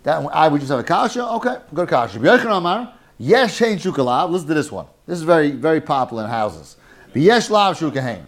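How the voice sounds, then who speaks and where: Brief: man teaching Talmud, slightly high voice, animated and joking, mixes in Hebrew terms. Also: fast talker. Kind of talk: lively Talmud class lecture.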